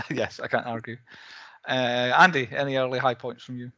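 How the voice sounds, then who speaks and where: A man's voice: mid-range voice, moderate pace, bright, forceful tone, no room sound, lo-fi sound. A man hosting a casual podcast chat, laughing often as he steers the talk. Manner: laughs often, runs the segments. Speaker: podcast host.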